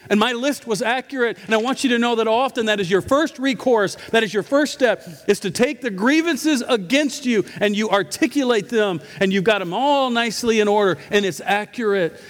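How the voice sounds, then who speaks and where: High-voiced man preaching in a reverberant hall. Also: a little fast. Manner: storytelling, emphatic with humorous asides. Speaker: pastor. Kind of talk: sermon. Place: church sanctuary. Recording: echoey church hall.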